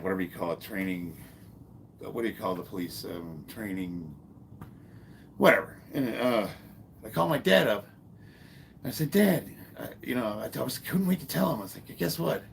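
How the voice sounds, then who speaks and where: A man in his fifties, a former Marine, telling a long personal story in a casual, halting way, swearing freely and stopping to restart his sentences. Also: lowish voice, creaky, slight background noise. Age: 50s. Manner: halting, profane, full of fillers and restarts. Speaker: fitness vlogger and former Marine.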